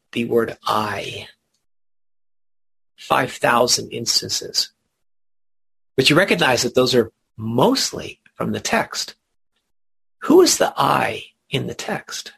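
A man's voice: mid-range voice, gravelly, fairly bright tone, breathy edge. A man teaching a spiritual study group, earnest and emphatic, drawing out key words, with chatty asides between readings.

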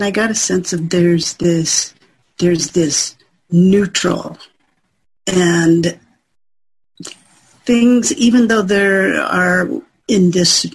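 A woman's voice: on the low side, darkish tone, slightly rough, low-quality recording. A woman sharing in a group video call, hesitant and searching for her words. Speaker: group participant.

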